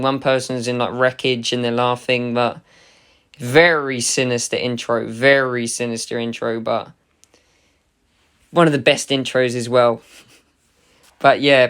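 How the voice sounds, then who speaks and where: Chatty man with a smooth voice. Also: mid-range voice, fairly bright tone. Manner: chatty and enthusiastic. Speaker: anime reviewer. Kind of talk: casual spoken ranking review.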